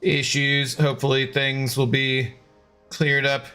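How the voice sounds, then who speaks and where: A man's voice: mid-range voice, level tone, slow pace, pushed and bright, soft background music. A man chatting casually on a live game stream, scattered and talkative as he sorts out technical issues. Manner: chatty and scattered, baby-talking to his dog.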